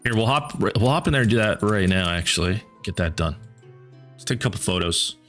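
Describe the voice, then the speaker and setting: A man streaming a game and chatting casually with viewers, rambling and repeating words as he thinks aloud, his voice going hoarse. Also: lowish voice, animated, a little fast, a bit bright, faint music behind. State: losing his voice.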